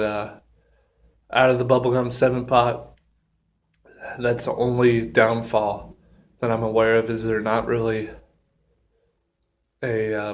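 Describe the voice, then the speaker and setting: Slow, flat-voiced man, halting. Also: fairly low pitch. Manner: halting, with many ums and pauses. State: slightly out of breath from pepper heat; runny nose, mouth burning. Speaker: pepper reviewer. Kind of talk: casual solo review vlog.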